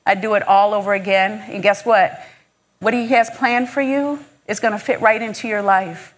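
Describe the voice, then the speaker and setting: A woman's voice: medium pitch, fairly even intonation, moderate pace. A woman from Michigan giving a heartfelt, encouraging inspirational faith talk at a conference, speaking conversationally. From Michigan, USA.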